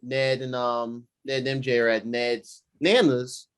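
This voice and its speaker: Podcast co-host, man, casual and excitable, acts out quotes. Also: medium pitch, unhurried, smooth. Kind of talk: casual chat recapping a movie.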